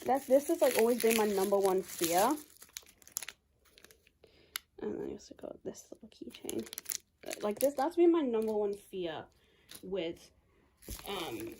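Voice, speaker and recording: A young woman with a fairly high voice chats in a rambling, unhurried way, full of "like". She is unboxing things at home, and faint crinkling of packaging sits behind her words. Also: sing-song, noisy background. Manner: chatty, rambling, peppered with "like". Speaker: YouTuber. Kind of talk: casual unboxing chat.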